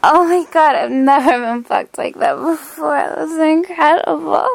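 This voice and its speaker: Young woman playing a teasing lover, whispered role-play, high voice, slow and breathy, gravelly fry, dry close mic. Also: no echo, heavily acted.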